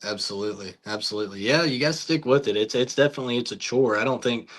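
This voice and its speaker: A man's voice: medium pitch, quick pace, a bit bright. A man being interviewed as a film director, speaking in a laid-back, agreeable way with folksy phrasing. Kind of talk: casual interview chat.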